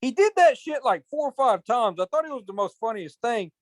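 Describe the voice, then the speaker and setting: A man's voice: very high voice, animated, no echo. A man telling rambling, colloquial hunting stories in casual chat. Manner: rambling, colloquial, drawn-out storytelling with cursing. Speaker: podcast host.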